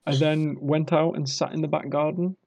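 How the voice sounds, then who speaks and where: A man's voice: on the high side, little pitch movement, moderate pace, vocal fry, a little mellow. A young British man casually telling a rambling, self-mocking party story. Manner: rambling, self-mocking, acts out drunk quotes.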